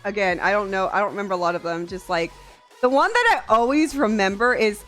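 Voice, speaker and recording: A young woman streamer chatting casually on a live stream, animated and quick to laugh, swearing freely. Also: mid-range voice. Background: faint music.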